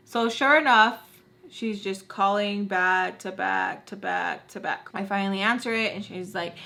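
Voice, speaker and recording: Young woman, storytime vlogger, animated, slangy, frank, casual storytelling. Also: medium pitch, a little slow.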